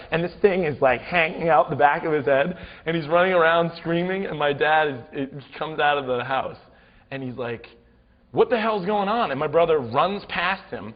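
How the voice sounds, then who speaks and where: A man's voice: fairly high pitch, lo-fi sound. A man telling a funny story as a talk show guest, acting out the scenes. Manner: animated, acts out the scenes. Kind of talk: comic storytelling.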